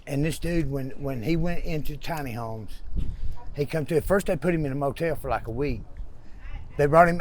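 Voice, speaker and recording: A man's voice: medium pitch, darkish tone, slight background noise. An American man telling his own story in a park, rambling and repeating words as he goes. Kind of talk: casual storytelling. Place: outdoors in a park.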